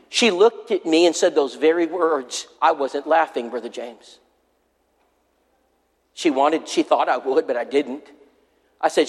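A man's voice: fairly high pitch, a little slow, long pauses, slightly rough, big-room sound. A man preaching, telling a story in a folksy way and often repeating "I said" as he retells a conversation. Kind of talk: sermon storytelling. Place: church.

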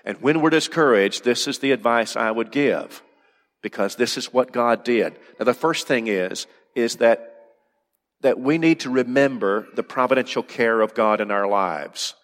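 A man's voice: mid-range voice, normal speed, fairly bright tone, in a large hall. A man preaching a sermon with earnest emphasis, often repeating words and dropping to a near-whisper for effect. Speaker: pastor.

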